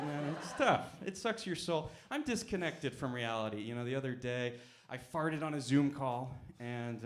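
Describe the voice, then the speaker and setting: A young man performing a stand-up set at a comedy club, with deadpan, self-mocking asides. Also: medium pitch. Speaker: stand-up comic.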